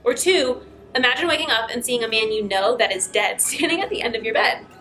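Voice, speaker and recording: Chatty, amused female reaction host with a bright voice. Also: a little high, expressive, a little fast, soft background music. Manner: chatty, amused, musing aloud. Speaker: channel host reacting to clips. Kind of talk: casual reaction commentary.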